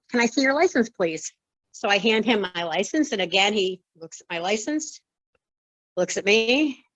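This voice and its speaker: A woman's voice: mid-range voice, dry recording, rough recording. A woman in her sixties, a former wrestling referee, telling her story in an interview and acting out the other people's lines. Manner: lively storyteller who acts out quoted dialogue. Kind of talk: conversational storytelling.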